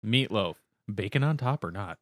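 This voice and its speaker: Low-voiced man with dry quips. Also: animated, normal speed, no echo. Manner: asks playful quiz questions, dry quips. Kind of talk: casual chat.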